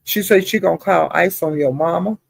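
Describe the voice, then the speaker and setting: With a lowish, gravelly voice carrying a breathy edge, a woman talks fairly quickly as she hosts a live stream gossiping about online drama. She greets viewers by name and calls them honey and child. The streaming setup has no echo.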